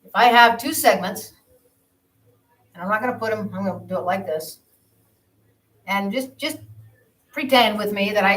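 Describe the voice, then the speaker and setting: A woman teacher lectures her math class in a loose, conversational way, circling back and repeating her points. Her voice sits at an ordinary pitch. She is picked up from across a roomy, echoing classroom. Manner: conversational, repeats herself while explaining. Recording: roomy classroom audio from a distance.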